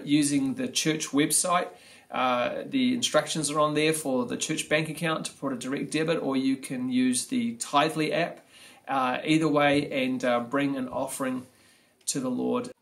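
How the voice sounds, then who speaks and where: A man's voice: mid-range voice, creaky, fairly bright tone. Man giving casual church announcements. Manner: casual, halting with fillers. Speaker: church leader.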